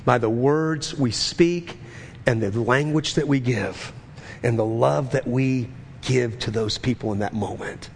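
A man's voice: mid-range voice, a little slow, creaky, slightly rough. A man in his fifties, a pastor preaching a sermon, telling a story earnestly and then rising into fervent preaching. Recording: long reverb of a large hall with faint noise.

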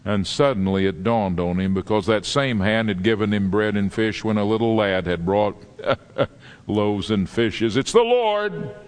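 A man preaching a sermon, telling stories with dramatic pauses in a lively, emphatic way. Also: on the low side, smooth. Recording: long reverb of a large hall.

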